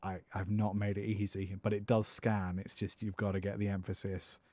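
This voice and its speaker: A man's voice: on the low side, level tone, moderate pace, darkish tone, dry recording. A man talking casually on a livestream while writing a song, self-amused and joking dryly about his own lyrics. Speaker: streamer and guitarist. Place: home music studio.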